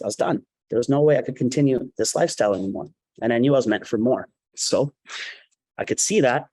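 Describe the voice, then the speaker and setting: A man's voice: medium pitch, darkish tone. A man tells a personal story on stage, dramatic and vivid, throwing himself into every quote. His voice sits in an ordinary middle range. The sound is close and dry, with no room echo. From Canada.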